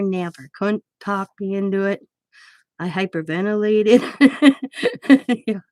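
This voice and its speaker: A woman's voice: mid-range voice, steady tone, takes it slowly, dark tone, dry recording. Chatty middle-aged woman, dry close sound. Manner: chatty, rambling, with frequent self-corrections and laughs. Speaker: craft vlogger. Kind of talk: casual storytelling while crafting.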